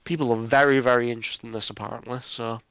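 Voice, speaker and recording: A man's voice: mid-range voice, fairly even intonation, fast, fairly bright tone, clear, resonant tone, no room sound, low-quality recording. A man co-hosting a casual movie news podcast, blunt and dismissive, often restarting his sentences. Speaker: podcast co-host.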